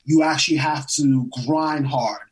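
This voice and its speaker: A man in his twenties, an actor guest, telling stories in a casual interview, animated, laughing often and acting out quotes. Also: fairly high pitch, a little slow, distant mic, rough recording. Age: 20s.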